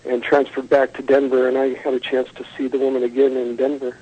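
A man's voice: mid-range voice, completely flat delivery, a little fast, breathy edge, narrow, tinny audio. A man recounting childhood encounters in an interview, earnest and rambling, with fillers and self-corrections. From United States.

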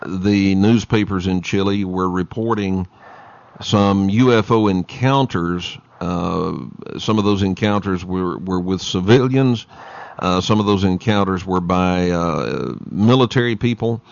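Slow, halting low-voiced man host. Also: creaky, no room sound. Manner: halting, with frequent fillers. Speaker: radio show host. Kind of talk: interview questions. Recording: dull lo-fi audio.

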